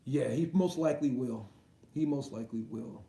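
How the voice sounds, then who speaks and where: A man's voice: mid-range voice, moderate pace, dark tone, roomy sound. A man hosting a boxing livestream, reading viewer comments aloud and reacting in loose, slangy, profane casual chat.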